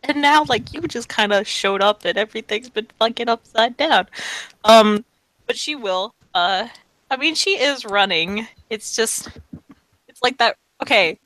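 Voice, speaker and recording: A woman's voice: a little high, unhurried, fairly bright tone, no room sound. A woman narrating as game master in a casual tabletop game, swearing and laughing as she talks. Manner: laughing, swearing, loose and chatty.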